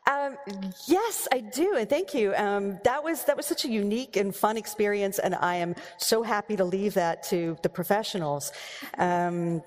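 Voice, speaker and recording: A woman's voice: medium pitch, normal speed. An American woman novelist answering audience questions on stage, chatty and laughing, rambling with restarts. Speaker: novelist giving a keynote Q&A. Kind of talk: live audience Q&A. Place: large hall with audience. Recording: long hall reverb.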